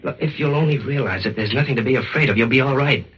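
An actor playing a blunt, steady police detective in a 1940s-style radio drama, talking in a clipped, commanding way. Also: male voice, mid-range voice, fast talker, husky. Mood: reassuring. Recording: dull lo-fi old radio recording with faint hiss.

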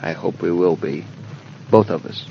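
An actor in 1940s radio acting, playing a gently teasing young husband who speaks in a dry, wry, soothing way. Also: male voice, low voice, normal speed, gravelly, slight background noise. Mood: tender. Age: young adult. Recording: dull old radio transcription.

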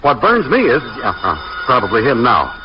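An actor playing a wisecracking, harried young husband who trades wry, quick jokes in 1940s radio comedy. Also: male voice, medium pitch, huge pitch swings. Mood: scheming. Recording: old radio broadcast recording, dull with faint hiss.

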